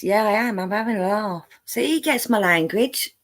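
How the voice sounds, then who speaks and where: A woman's voice: mid-range voice, moderate pace. A woman with a London accent, hosting a casual chat, reading out viewer comments, laughing often and playing up her broad common accent. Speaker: host.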